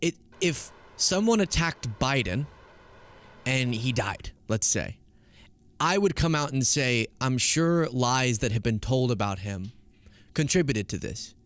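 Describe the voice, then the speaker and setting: A man's voice: mid-range voice, expressive, unhurried. Emphatic man in political commentary. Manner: emphatic, argumentative, sarcastic. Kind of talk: casual political commentary stream.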